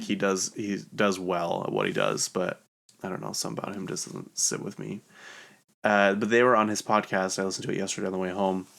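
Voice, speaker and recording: A man's voice: deep voice, vocal fry, fairly bright tone. A man hosting a podcast, chatting in a rambling, casual gossip style full of "like" fillers. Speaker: podcast host. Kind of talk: casual gossip recap of a reality show.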